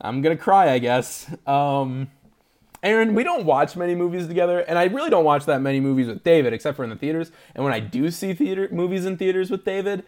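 A man's voice: fairly high pitch, lively intonation, fast talker. Chatty laughing man reviewing movies. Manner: chatty, laughs often, self-deprecating. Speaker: podcast co-host. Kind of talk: casual movie-review chat.

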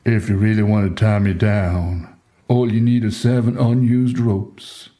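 A man voicing a proud, boastful strongman lover, speaking calmly and teasingly. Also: fairly low pitch, unhurried, lightly acted.

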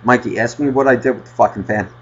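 A male podcast host telling a profane, ranting story in casual chat with a husky voice. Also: medium pitch, fast, fairly bright tone, muffled recording.

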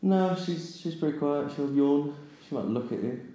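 A man's voice: on the high side, moderate pace, dark tone. A man in his twenties telling a story in a casual chat, hesitant with lots of ums and uhs. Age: 20s. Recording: very echoey room.

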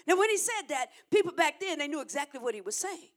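Lady preacher giving a sermon, really high voice, call and response stuff. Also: very animated, fast talker.

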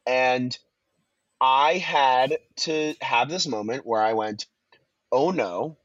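A man co-hosting a podcast, reviewing films in casual, profane, excitable chat. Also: mid-range voice, takes it slowly, no room sound, dull audio. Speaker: podcast co-host.

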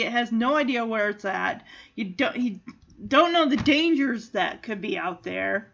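A woman's voice: a little high, animated, normal speed, a bit bright. A woman chatting casually as she recaps a film, exclamatory, with many restarts. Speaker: movie recap vlogger. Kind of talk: casual chat. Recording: dull lo-fi audio.

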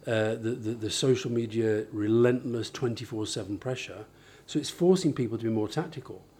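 A man with a mellow, husky voice talks through his ideas in a relaxed interview. He backs up each point with examples and often restarts his sentences as he thinks. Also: mid-range voice, moderate pace. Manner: thoughtful, explains with examples, many restarts. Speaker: author and interviewee. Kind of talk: conversational interview.

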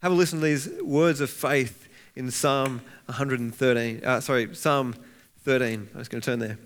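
A man's voice: medium pitch, steady tone, moderate pace. A man preaching a sermon as a pastor, earnest and heartfelt, reading scripture aloud with rising intensity and often restarting his words. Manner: frequent restarts and repeated words.

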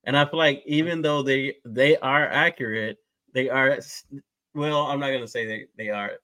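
A man with a mid-pitched voice talks on a casual podcast. He thinks out loud and restarts his sentences as he argues his point. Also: steady tone. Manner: thoughtful, works through his point in halting restarts. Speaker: podcast co-host. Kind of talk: casual chat.

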